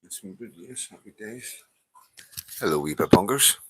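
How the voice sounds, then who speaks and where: A tired Northern Irish man in his fifties hosts a casual live stream, chatting, laughing often, swearing and greeting viewers by reading out their names. His voice is fairly low, animated and husky, at a normal speed.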